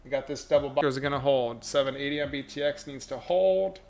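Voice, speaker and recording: A man streaming his stock trading live, talking to himself and chat in a muttered running commentary that repeats phrases and breaks into sudden excited bursts. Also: mid-range voice, fast.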